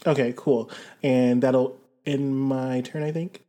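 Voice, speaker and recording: Tabletop player, chatty, halting, mid-pitched voice. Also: steady tone, warm tone. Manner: chatty, laughs, halting restarts. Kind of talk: tabletop game play.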